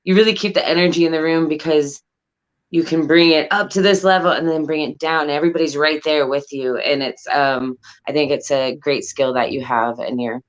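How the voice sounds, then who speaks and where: A woman host with a notably low voice leads a relaxed interview. She asks loose, filler-heavy questions. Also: brisk, muffled recording. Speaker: podcast host. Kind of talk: casual interview chat.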